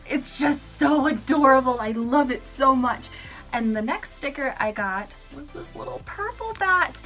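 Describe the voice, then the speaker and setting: A woman's voice: a little high, a bit bright. Bubbly young woman gushing over favorites. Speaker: vlogger. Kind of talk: casual favorites vlog.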